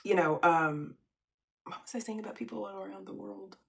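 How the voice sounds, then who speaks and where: A woman's voice: mid-range voice, moderate pace, creaky, fairly bright tone, distant mic. A woman from the United States giving blunt, slangy opinion commentary in a vlog, laughing often and taking asides. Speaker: vlogger.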